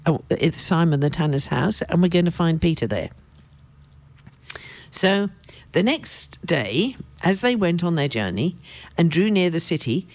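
A woman preacher with a low voice reads scripture and comments in a lively, swinging tone. She speaks with emphatic asides, recorded close and dry. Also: no echo. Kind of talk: sermon with Bible reading.

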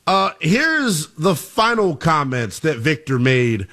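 A man hosting a sports talk radio show, excitable and emphatic as he talks to callers. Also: a little high, slow pace.

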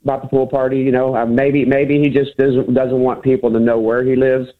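A man calling in to a radio show. He talks quickly and rambles. His voice comes through a tinny phone line. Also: mid-range voice, level tone. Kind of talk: casual phone-in chat.

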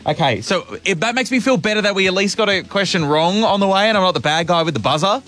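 A chatty man with an Australian accent hosts a radio quiz in a high, light voice. He teases and rambles casually over faint background music. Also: animated, fast talker, a bit bright. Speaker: radio host.

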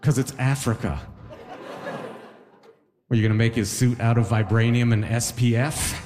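A man's voice: mid-range voice, fairly even intonation, moderate pace, big-room sound, noisy background. A man doing a stand-up comedy set on a live stage, talking in a loose conversational way and slipping into acted-out voices.

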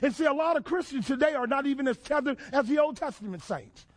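A male pastor preaching a sermon, quizzing the congregation and building to emphatic shouts. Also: very high voice, quick pace. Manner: call-and-response questions to the congregation, emphatic shouted build-ups.

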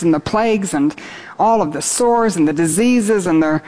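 An earnest woman preacher delivering a sermon, her voice sitting at a middle pitch. She talks steadily and lifts to an exultant tone as she reads scripture. Her delivery stays fervent and sincere. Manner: earnest, rising to exultant when reading scripture.

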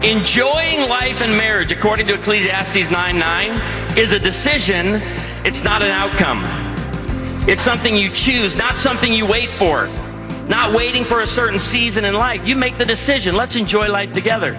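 High-voiced man joking loudly in a hall. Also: moderate pace, music in the background. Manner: energetic, joking, bursts of shouting. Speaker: guest speaker. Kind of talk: humorous marriage talk to students. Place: large university hall with audience. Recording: echoey hall, ambient noise.

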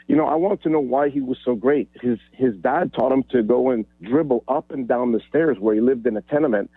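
A man's voice: mid-range voice, a little fast, husky, no echo. A man calling in to a sports radio show, friendly and rambling with many restarts. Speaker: caller. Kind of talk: phone-in call on sports radio. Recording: dry phone line.

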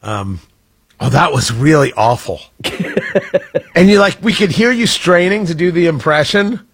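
A man's voice: on the high side, expressive, a little slow, breathy edge. A male radio host talking in loose, jokey on-air banter, laughing often and mocking himself.

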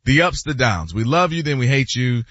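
A man's voice: medium pitch, animated, normal speed, fairly bright tone, no room sound, lo-fi sound. A man hosting a sports talk show, arguing emphatically and acting out quotes in different voices. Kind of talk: animated sports debate.

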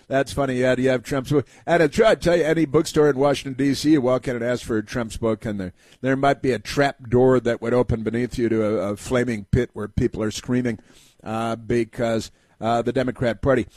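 A man hosts a call-in radio show in a rambling, chatty way, full of fillers and restarts. His voice sits at a middle pitch and is recorded close and dry in the studio, with no room sound around it. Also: steady tone, a little fast, a little mellow, no echo. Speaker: radio talk show host.

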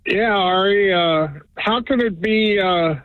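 A man's voice: high voice, slow pace, dry recording. A man calling in to a talk radio show, hesitant and full of fillers. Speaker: caller. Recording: dull phone line.

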